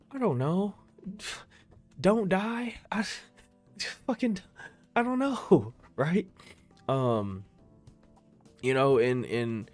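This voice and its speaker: Young man rambling through an animated reaction. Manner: rambling, profane, repeats himself, bursts into loud excited pitch jumps. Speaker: anime reaction video creator. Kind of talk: casual reaction commentary.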